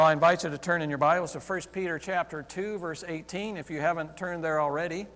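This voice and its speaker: Animated male pastor in a reverberant hall. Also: a little high, slight background noise. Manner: animated, interacts with congregation, acts out quoted exclamations. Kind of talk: sermon. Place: church sanctuary.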